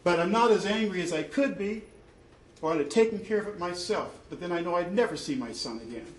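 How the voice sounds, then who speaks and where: A man's voice: sits high, animated, brisk. Indignant man in an echoey room. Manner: indignant and emphatic, with restarts. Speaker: father testifying in a custody dispute; church deacon. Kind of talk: impassioned personal testimony. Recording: echoey room with faint background noise.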